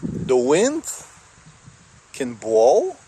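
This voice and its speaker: A man's voice: mid-range voice, huge pitch swings, very slow, mellow, rough recording. A man vlogging outdoors in strong wind by a car, rambling casually and swearing often with many fillers. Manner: rambling, swears a lot, says "like" and "bro" often. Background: wind blowing into the microphone.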